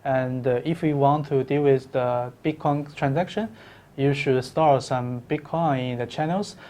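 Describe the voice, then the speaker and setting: Halting man answering interview questions. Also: mid-range voice, steady tone, a little mellow. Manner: halting, with many fillers and restarts. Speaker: company co-founder guest.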